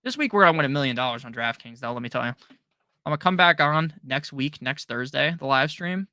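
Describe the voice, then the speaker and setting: Quick-answering man hosting a live stream. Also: medium pitch, animated, sharp tone, smooth, no room sound, clean studio sound. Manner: reads viewer questions aloud and answers quickly, joking. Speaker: fantasy football stream host.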